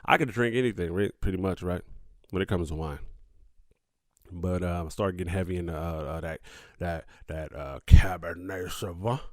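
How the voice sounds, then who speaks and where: Speaking in a low voice at a moderate pace with long pauses, a young podcast host delivers a casual solo monologue straight to his listeners, swearing and laughing as he goes. The recording is dry and the studio sound clean.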